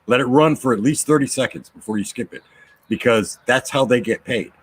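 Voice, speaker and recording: A man's voice: mid-range voice, brisk, breathy edge. A man hosting a casual chat, joking around in an easygoing way. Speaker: host.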